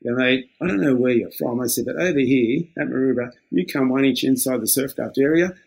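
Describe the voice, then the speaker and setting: Husky older Australian man yarning. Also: medium pitch, a little fast, a little mellow. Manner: laid-back yarning, acts out quoted exchanges, chuckles often. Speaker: interviewee, former lifeguard. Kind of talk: casual storytelling.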